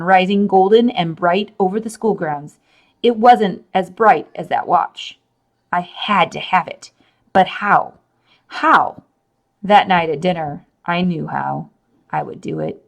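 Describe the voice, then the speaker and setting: A woman reading a children's chapter book aloud with animated, expressive storytelling. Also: fairly low pitch. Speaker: storybook reader.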